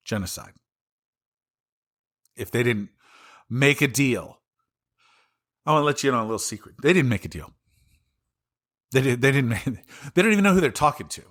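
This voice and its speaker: A man's voice: medium pitch, fairly bright tone. Angry ranting Southern man. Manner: angry, profane, exasperated ranting. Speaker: podcast host. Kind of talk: solo political commentary rant.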